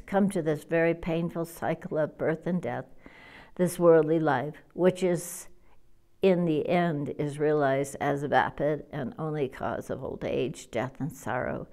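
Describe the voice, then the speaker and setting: Stern old sage preaching read by a woman; low, mellow tone, measured scripture delivery. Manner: solemn, measured reading. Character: stern old male sage laying a curse. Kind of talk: scripture reading.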